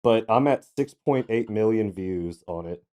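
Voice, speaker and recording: A man's voice: lowish voice, expressive, a little slow, a little mellow. A man co-hosting a casual podcast chat, telling a laid-back story with chuckles. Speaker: co-host.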